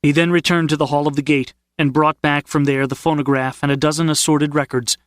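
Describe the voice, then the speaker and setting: A man narrating an audiobook in a measured, steady storytelling manner. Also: fairly high pitch, no echo, studio quality. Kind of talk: scripted narration.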